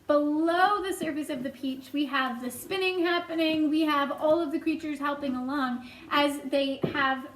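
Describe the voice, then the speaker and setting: A woman's voice: sits high, moderate pace, few pauses, fairly bright tone, recorded from a distance. A woman reading a children's book aloud, adding friendly asides for her listeners. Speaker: storytime reader. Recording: echoey room with faint noise.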